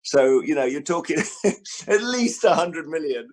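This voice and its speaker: Animated male author telling stories. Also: a little high, measured pace. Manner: animated storyteller, acts out quotes; frequent restarts and fillers. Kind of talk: book festival interview talk.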